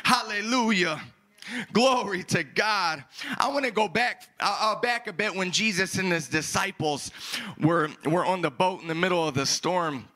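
Male pastor, sermon; bright, fairly high voice, repeats himself, bursts into shouts. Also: normal speed. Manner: animated, repeats words, breaks into shouts.

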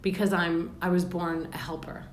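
A bubbly woman hosts a casual podcast chat. Her voice sits a little low and her talk is jokey. The room is echoey, with faint noise behind her. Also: little pitch movement, normal speed. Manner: bubbly, laughs often, jokey. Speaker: podcast host. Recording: roomy with faint background noise.

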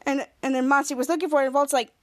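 A woman hosts a podcast and recaps a TV episode in a casual, rambling way. She keeps restarting her sentences, and her voice sits very high. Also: level tone, rapid-fire. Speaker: podcast host.

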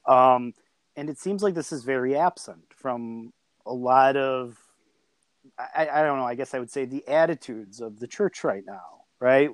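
A man's voice: medium pitch, unhurried, dry recording. A man in a discussion, speaking thoughtfully and checking in with his listeners. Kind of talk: casual discussion.

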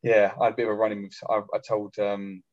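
An army veteran telling blunt, sweary stories in a casual chat. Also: male voice, lowish voice, little pitch movement, quick pace, darkish tone, muffled recording. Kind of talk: casual podcast storytelling.

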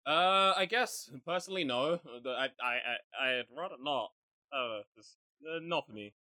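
A man's voice: on the high side, normal speed, pushed and bright. A young man on a podcast, chatting in a somewhat hesitant way. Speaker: podcast co-host. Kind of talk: casual chat.

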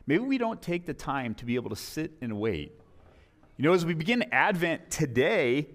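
A man preaching a sermon as pastor, telling stories in an animated way. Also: mid-range voice. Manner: animated storytelling, acts out quoted voices.

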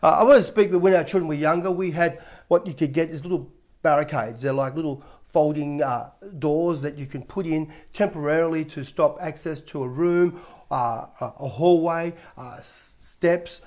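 A man's voice: on the high side, moderate pace, darkish tone. Man preaching a conversational sermon. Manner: conversational preaching with frequent restarts. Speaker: pastor.

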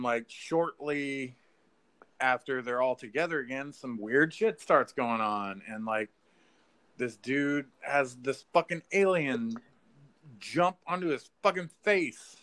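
A man in casual podcast chat, rambling excitedly through a story with lots of filler words and swearing. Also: a little high. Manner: rambling, profane, filler-heavy, says "like" and "dude".

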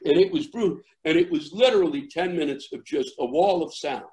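A middle-aged man, a comedian, telling a rambling story in conversation with many fillers and restarts, acting out shouting crowds. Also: fairly high pitch, brisk. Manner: animated, acts out shouting crowds. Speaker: comedian guest.

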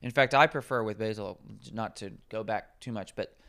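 A man's voice: fairly low pitch, moderate pace, fairly bright tone, clean tone. A man, a nutrition coach, explaining herbs in casual podcast conversation, rambling and correcting himself as he goes.

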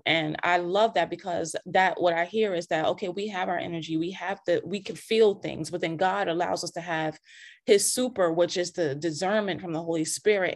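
Heard over a video call, a woman with a fairly low voice hosts a casual faith podcast. She's animated and preachy, restarting often and quoting scripture.

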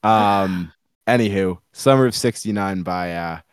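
Deep-voiced dry-joking American man. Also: measured pace, clean tone, no room sound. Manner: dry, joking, trails off quietly. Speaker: podcast co-host. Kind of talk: casual chat.

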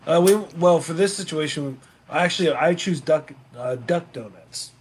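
A man in a casual chat, telling relaxed, chatty stories. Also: a little high, moderate pace, a little hiss or hum.

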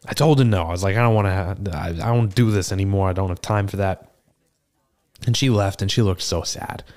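A man's voice: sits low, fairly quick, darkish tone, clean tone, natural voice. A man playing a seasoned male tortle cleric who tells a tavern tale in a chatty, rambling way, full of fillers and restarts. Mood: insistent. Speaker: player character in an improvised tavern scene. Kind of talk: improvised in-character storytelling.

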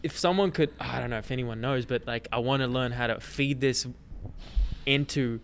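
A man's voice: medium pitch, normal speed, creaky, slight background noise. A man hosting a casual podcast, easygoing and a bit hesitant, on a studio mic. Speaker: podcast host. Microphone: studio mic with headphones into a mixer.

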